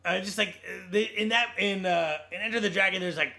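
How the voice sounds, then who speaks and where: High, bright-voiced man rambling casually. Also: a little fast, vocal fry. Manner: rambling, restarts a lot. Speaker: podcast co-host. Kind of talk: casual movie discussion.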